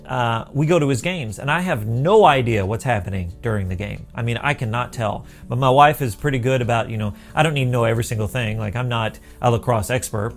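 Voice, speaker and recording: A middle-aged man talking to camera in an earnest, rambling, encouraging way, with restarts and bits of self-talk. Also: medium pitch. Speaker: vlogger on living with sight loss.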